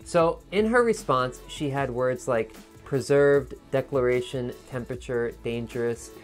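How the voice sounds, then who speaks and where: A man's voice: mid-range voice, a little slow, soft background music. A man teaching test preparation, explaining pronunciation and word stress patiently and modeling words over and over. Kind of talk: teaching video commentary.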